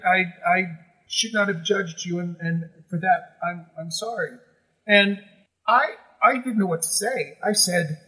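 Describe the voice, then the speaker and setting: Male stage actor guest, middle-aged; high, sharp-toned voice; animated emotional storyteller. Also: a little slow, rough recording. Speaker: guest, musical theater actor. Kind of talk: conversational storytelling.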